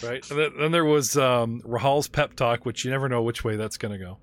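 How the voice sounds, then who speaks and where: A man narrating and running a tabletop role-playing game as game master, animated and laughing, slipping into quick character voices. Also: medium pitch, no echo. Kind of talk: narrating a tabletop game over video call. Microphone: video call.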